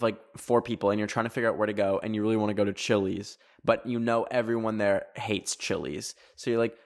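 A young man from Canada with a Canadian accent, hosting a casual solo podcast in a chatty, rambling way full of fillers. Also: medium pitch. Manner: chatty, rambling, many fillers, quick laughs. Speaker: podcast host.

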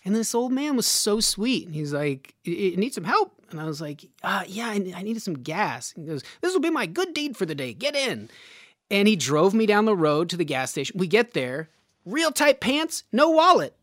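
A man tells a long, rambling story on a close, dry mic. He laughs now and then and leaps high to act out the people in it. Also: normal speed, dry recording. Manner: animated, jumps into high voices for quoted people, laughs mid-sentence. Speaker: podcast guest. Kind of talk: casual storytelling.

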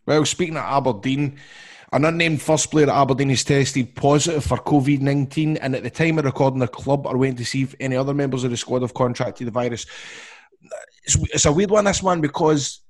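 A man's voice: mid-range voice, a little fast. A Scottish man co-hosting a football podcast, chatting casually, joking and laughing as he tells stories. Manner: banters and laughs a lot, slips into impressions. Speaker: podcast co-host. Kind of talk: casual chat.

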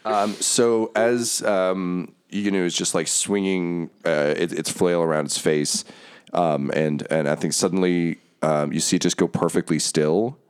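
A young man narrating as game master, halting with many fillers and often laughing. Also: low voice, steady tone, clear, resonant tone.

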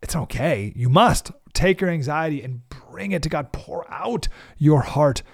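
A man's voice: fairly high pitch, expressive, unhurried, vocal fry, no echo, clean studio sound. A middle-aged man hosting a devotional podcast, talking in an earnest, emphatic way and repeating words to stress a point. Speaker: podcast host. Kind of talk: devotional talk.

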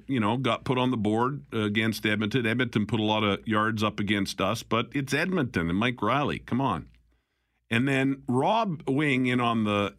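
A man hosts talk radio with a chatty, wry manner. His voice is bright and forward, recorded close on a dry studio microphone. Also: medium pitch, no room sound. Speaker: radio host.

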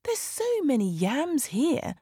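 A woman's voice: sits high, huge pitch swings, slow pace, mellow, no echo, studio quality, pitched above the performer's own voice, exaggerated voice. A woman voicing a greedy male leopard who turns guilty and stammers in a storybook tale. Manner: sheepish, stammering.

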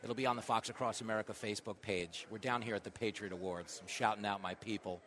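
A man hosting a talk radio show live from an event, riffing through a comedic monologue with big swings in loudness. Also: lowish voice, fairly even intonation. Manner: fast joking riffs, big swings in loudness.

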